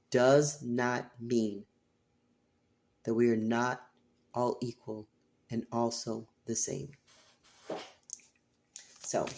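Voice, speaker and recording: A woman in her late forties talks straight to her tarot audience in an emotional personal monologue. Her voice is warm and mellow, and she drives her points home with passion, open swearing and repeated phrases. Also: very deep voice. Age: 40s. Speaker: tarot reader and channel host.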